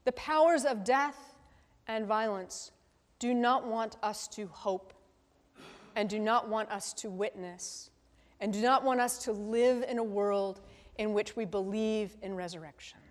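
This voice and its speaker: A woman's voice: mid-range voice, measured pace. A woman pastor giving a conversational sermon, often checking in with the congregation with tag questions like a teacher. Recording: long reverb of a large hall.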